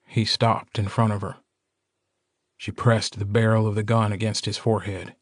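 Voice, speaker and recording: A man narrating a first-person audiobook in a measured, steady storytelling manner. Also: on the low side, dry recording, studio quality.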